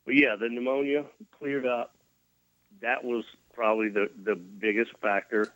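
A man's voice: medium pitch, flat delivery, normal speed, fairly bright tone, no room sound, lo-fi sound. A man from Mississippi, recovering from a near-death scare, telling his story with folksy self-deprecating humor as an interview guest. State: recovering from cardiac arrest.

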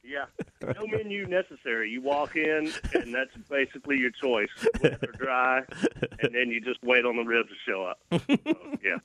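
A man's voice: mid-range voice, expressive, normal speed, pushed and bright, rough recording. A middle-aged man with a Tennessee accent, a musician chatting in an interview in a laid-back way, laughing easily. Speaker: musician guest. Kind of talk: casual interview chat.

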